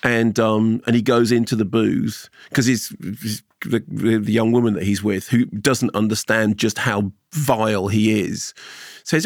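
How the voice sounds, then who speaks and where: Gravelly, jokey male co-host. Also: on the low side, no room sound, studio quality. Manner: animated retelling, quick to laugh, jokey. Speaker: podcast co-host. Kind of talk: casual chat, storytelling.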